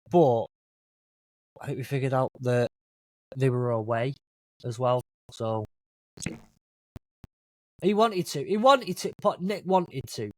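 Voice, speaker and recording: A British man hosting a podcast, teasing his co-host in casual chat and signing off the show. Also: mid-range voice. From Britain. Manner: teasing, wraps up with show sign-off.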